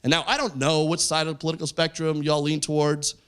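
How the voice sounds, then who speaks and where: A man from Canada doing stand-up comedy, telling a story with lively jumps into other people's voices. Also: on the high side, fast, a little hiss or hum. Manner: animated storytelling, jumping into voices. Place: stage in front of a live audience.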